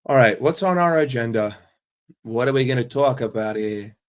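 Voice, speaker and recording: A football fan hosts a casual stream, answering his chat in a sarcastic, foul-mouthed rant. His voice sits at an ordinary middle pitch for a man, and he talks with blunt conviction. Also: normal speed. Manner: profane, sarcastic, argumentative.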